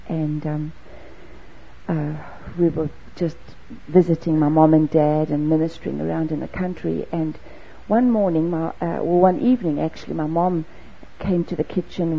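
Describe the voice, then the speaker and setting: A woman preacher telling a personal story in a sermon, animated and lively, acting out quoted voices. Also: sits low, vocal fry, breathy edge. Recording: dull lo-fi recording.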